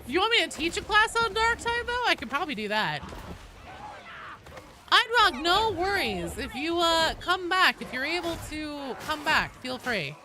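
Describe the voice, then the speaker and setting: A woman in her thirties streaming a game live, chatting with her viewers in a lively, joking way with loud outbursts. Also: extremely high pitch, moderate pace. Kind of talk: live-stream chat while gaming. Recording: game sounds and noise behind voice.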